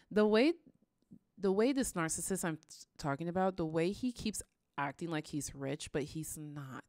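Smooth-voiced woman ranting in a reaction video. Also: low-pitched, no echo, clean studio sound. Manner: animated, sighing, ranting. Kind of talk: casual reaction commentary.

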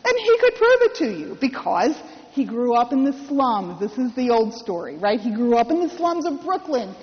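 A woman's voice: sits high, in a large hall, dull audio. A woman priest giving a sermon, telling a personal story with wry humor and acted-out quotes.

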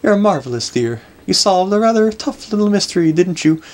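A man's voice: sits high, expressive, fairly quick, a little mellow, voice pushed up. A man voicing a flirtatious, refined lady in a video game, genteel and fawning. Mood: flirty.

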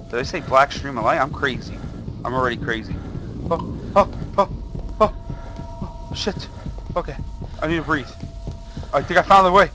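A man's voice: a little high, animated, moderate pace, long pauses, noisy background. A young man playing a horror game, talking to viewers through a headset, jumpy and swearing under his breath as he goes. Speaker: gaming video host. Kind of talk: horror game let's play commentary.

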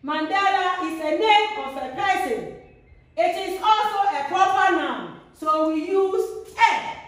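A woman teaching a grammar lesson, repeating each example slowly with a sing-song lilt. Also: extremely high pitch, fairly bright tone. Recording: very echoey room, voice far from mic.

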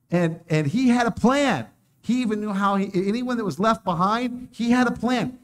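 Animated joking man preaching. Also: high voice, moderate pace. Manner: joking, animated, laughs often. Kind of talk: sermon.

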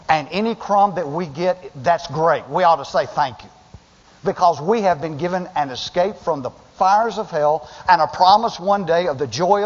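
A male pastor preaching a sermon with passion, stumbling over restarts and acting out the voices of people in the story. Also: a little high. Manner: impassioned, acts out quoted voices, stammering restarts. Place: church sanctuary. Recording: dull sound in a long-reverb sanctuary.

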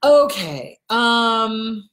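A woman's voice: fairly high pitch, expressive, drawn-out words, a bit bright, echoey room. A woman counselor talking casually to her viewers, blunt and emphatic, repeating her key points and swearing now and then. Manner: acts out quoted people in a shifted voice. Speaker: host and counselor answering viewer questions. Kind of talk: casual advice talk to camera. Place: indoors in front of a backdrop.

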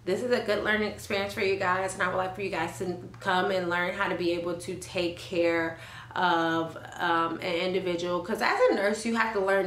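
A woman's voice: on the low side, fairly bright tone, reverberant. A young woman and nursing student telling an emotional story in a chatty, casual vlog, with many fillers and restarts, recorded in her car.

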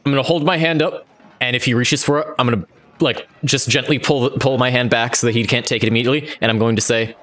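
An excitable man at a tabletop game who breaks into loud bursts. His voice sits at a middle pitch. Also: fast. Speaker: player.

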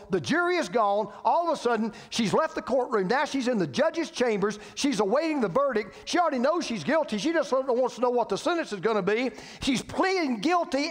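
A man preaching a sermon as pastor, emphatic, with lots of repetition and rhetorical questions, in a church. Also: extremely high pitch. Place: church sanctuary. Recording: reverberant church hall.

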